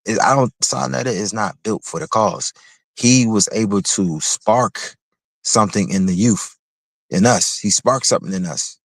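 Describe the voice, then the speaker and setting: Ranting heatedly on his own livestream at a moderate pace, a man with a low voice takes a mocking, confrontational tone and repeats his phrases. The sound is close and dry, with no echo.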